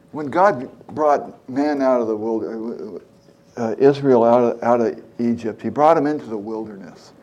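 In his seventies, this man preaches a conversational sermon with earnest repetition of phrases for emphasis, acting out prayers along the way. His voice is medium-pitched with a darkish tone.

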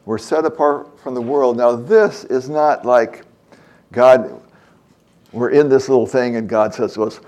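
Older male pastor, casual sermon delivery, halting with lots of fillers. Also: mid-range voice. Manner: relaxed, hesitant, many fillers, talks to young listeners. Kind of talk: conversational sermon.

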